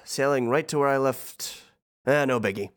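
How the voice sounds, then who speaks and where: A man voicing a smug, fast-talking male god of the underworld, with sarcastic patter. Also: mid-range voice, lightly acted. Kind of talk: podcast impression of a game villain.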